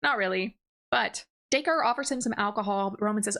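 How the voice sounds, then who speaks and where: A woman at a desk mic talks through a novel's plot in a loose, chatty way, leaning on fillers as she goes. Her voice sits at an ordinary middle pitch, and her tone is easy and conversational. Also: brisk, a bit bright. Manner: chatty, filler-heavy with frequent "like" and laughs. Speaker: book reviewer. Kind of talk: casual spoken book recap. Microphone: desk microphone.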